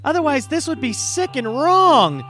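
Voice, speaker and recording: A man voicing a crude, brash young woman in a shrill falsetto while telling a dirty joke. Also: sing-song, a little slow, pushed and bright, soft background music, heavily acted. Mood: brazen.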